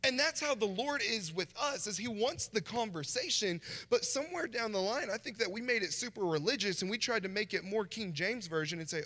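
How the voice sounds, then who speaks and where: High-voiced preacher in a reverberant hall. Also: male voice, animated, fairly quick, hardly any pauses, bright, forceful tone. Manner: conversational, acts out short quoted voices. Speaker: guest pastor. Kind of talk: sermon. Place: church sanctuary. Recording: long church hall reverb.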